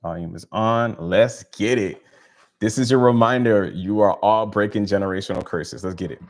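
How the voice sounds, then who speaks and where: Deep-voiced guy on a live stream, chill and slangy, hypes everyone up. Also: normal speed. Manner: laid-back, slangy, encouraging, laughs often. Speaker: live stream host, spiritual healer. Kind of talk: casual live stream talk.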